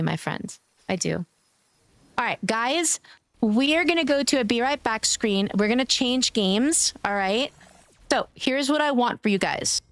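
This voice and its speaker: A woman streamer chatting casually with her viewers, gushing and affectionate as she thanks them by name, playful and quick to giggle. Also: medium pitch, no echo. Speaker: live streamer. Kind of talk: casual live-stream chat.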